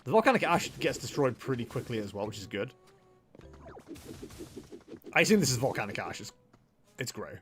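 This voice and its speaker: A man's voice: medium pitch, very animated, moderate pace, long pauses, soft background music. A young man chatting casually as he streams a game, rambling and poking fun at himself. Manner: chatty, rambling, self-mocking. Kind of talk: casual gameplay livestream commentary.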